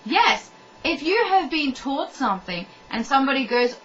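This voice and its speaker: A woman's voice: high voice, big pitch swings, measured pace, a bit bright, highs cut off. A woman ranting to the camera in a blunt, heated way, swearing and talking straight to the viewer. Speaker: vlogger. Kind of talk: ranting monologue.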